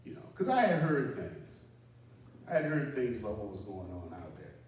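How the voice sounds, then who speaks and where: A man's voice: lowish voice, very animated, normal speed. Man telling a story in an echoey room. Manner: conversational, self-deprecating, acts out panicked dialogue with sharp rises. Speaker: storyteller, former army sergeant. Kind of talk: live personal storytelling. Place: indoor room at a community center. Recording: very echoey room, mic far off, faint noise.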